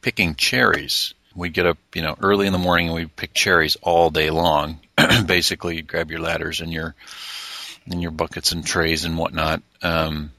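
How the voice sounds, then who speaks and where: Podcast cohost, very low pitch with a bright, forceful edge, dry sound. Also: male voice, level tone, moderate pace, gravelly, no room sound. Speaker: podcast co-host. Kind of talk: casual storytelling.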